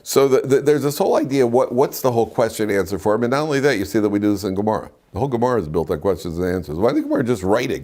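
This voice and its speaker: Speaking quickly and expressively with few pauses, an older rabbi with a lowish, darkish voice gives an informal Torah lecture. He talks conversationally to students in a classroom, often restarting sentences and wandering into asides.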